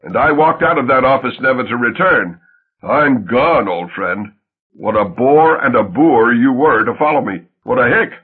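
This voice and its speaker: A scornful young wife who is walking out, her voice husky and climbing high when she mocks, as a male audiobook reader puts her on. The sound is thin and tinny, with a lively swinging pitch. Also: moderate pace. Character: sharp young woman, wife leaving her husband.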